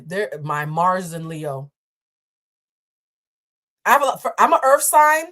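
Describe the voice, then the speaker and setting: A woman hosting a live show, telling a story in an animated way and deliberately slowing down. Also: medium pitch. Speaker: host.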